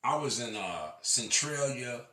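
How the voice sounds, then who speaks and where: A man's voice: medium pitch, animated, unhurried. Impassioned man, echoey and far off. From Illinois. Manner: impassioned, swings from shouting to quiet; profane, repeats himself. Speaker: storyteller. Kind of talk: preaching monologue. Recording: echoey room, far from mic.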